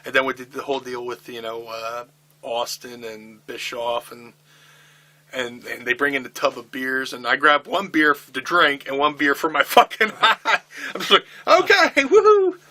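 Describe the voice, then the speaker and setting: A middle-aged man with a bright, forward voice tells a backstage story in a shoot interview. He swears constantly and acts out the other people's lines as he goes. His pitch sits right in the middle for a man. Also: moderate pace. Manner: profane, animated storytelling with acted-out quotes. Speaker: wrestler telling a backstage story.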